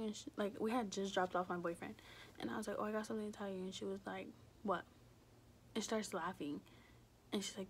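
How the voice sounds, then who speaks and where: Young girl vlogging at home, kinda gravelly voice, rambly chatty storytelling, bit of noise behind. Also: medium pitch, fairly quick. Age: young adult. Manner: chatty, animated retelling with frequent fillers. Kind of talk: casual storytelling vlog.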